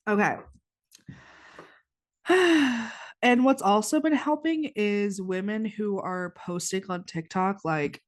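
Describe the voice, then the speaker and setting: A woman's voice: mid-range voice, slow pace, long pauses. A twenty-year-old woman hosting a podcast, talking in a rambling, casual confessional way with lots of "like", her nose stuffy after crying. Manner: rambling, heavy use of "like", frequent restarts. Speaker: podcast host. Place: indoors, warm room.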